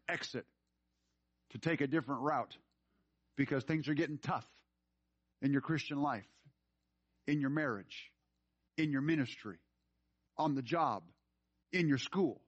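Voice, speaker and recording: A male pastor preaching to his congregation, moving from a plain story into urgent, emphatic appeals. His voice sits a little high for a man. The recording is dry and a bit muffled. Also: measured pace, pauses often, dry recording. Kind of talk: sermon. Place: church room.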